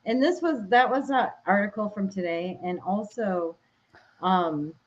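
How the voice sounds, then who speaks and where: A woman's voice: mid-range voice, unhurried, lo-fi sound. A woman from Minnesota with a Minnesotan accent, co-hosting a podcast in casual chat, rambling and searching for words. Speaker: podcast co-host.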